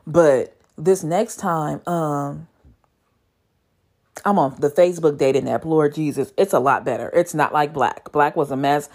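A young woman telling a dating story in a casual vlog, profane and exasperated, with her voice leaping up in disbelief. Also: measured pace. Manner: animated, profane, exasperated storytelling with sudden high squeals of disbelief. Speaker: vlogger.

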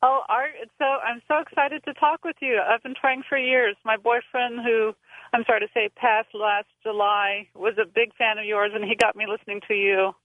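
A woman from Southern California calling a radio show, excited and nervous as she talks. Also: fairly high pitch, moderate pace, no echo. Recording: tinny phone line.

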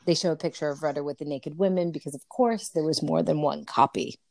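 A woman's voice: low-pitched, fast, darkish tone, dry recording. A woman co-hosting a podcast, chatting casually as she recaps a movie, with plenty of fillers and laughs. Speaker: podcast co-host. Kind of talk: casual chat recapping a film.

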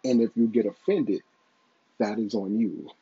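Male commentator, mellow and a bit raspy, swearing freely while speaking his mind, on a dull lo-fi mic. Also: lowish voice, a little slow. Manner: blunt, profane, opinionated. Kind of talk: casual opinion commentary.

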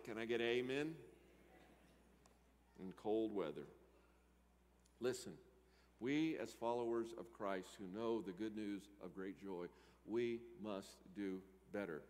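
A man preaching a sermon, moving between loud emphatic lines and quiet asides. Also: on the low side. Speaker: pastor. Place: church sanctuary. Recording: church hall reverb.

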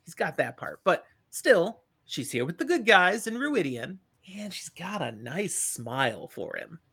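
A middle-aged man recapping a story with plenty of energy, dipping in and out of the characters' voices. His tone is bright and his pitch moves a lot. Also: a little slow, slightly rough. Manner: animated retelling, acting out the characters. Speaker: podcast host. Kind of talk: casual book discussion.

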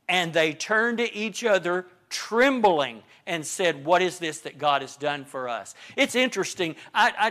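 A man's voice: high voice, a bit bright. A man teaching a Bible study class, repeating phrases for emphasis and asking rhetorical questions.

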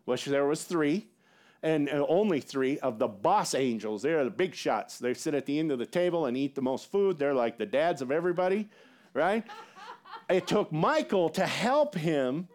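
A man preaching a sermon in an animated, conversational way, with casual asides. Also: a little high, moderate pace. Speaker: pastor.

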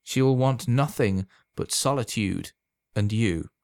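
A man voicing a sly, calm old man who sells love potions, speaking smoothly and unhurriedly in a quietly insinuating way. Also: mid-range voice, a little slow, dry recording. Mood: persuasive.

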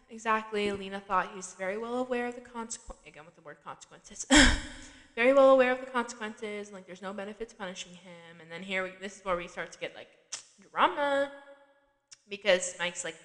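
A woman podcast host recaps a TV episode in relaxed, conversational talk. Her speech is full of "like" and quick laughs. Her voice sits at a middle pitch, and a long reverb trails behind it. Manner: chatty, laughs often, frequent "like" fillers. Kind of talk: casual chat.

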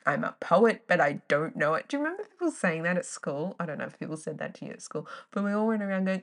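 Young woman, podcast host, lowish voice, chatty and tangential, prone to loud outbursts. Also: animated, a little fast, few pauses. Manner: rambling, goes off on tangents; loud bursts of laughing exclamation. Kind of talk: casual solo podcast monologue.

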